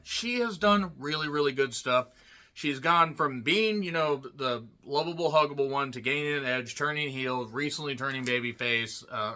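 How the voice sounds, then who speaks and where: Blunt male host, bright edgy voice, frequent throat-clearing, casual ranking rant. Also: mid-range voice. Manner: blunt, profane, clears throat often, animated on names. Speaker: wrestling commentator and list host. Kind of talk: casual opinionated ranking monologue.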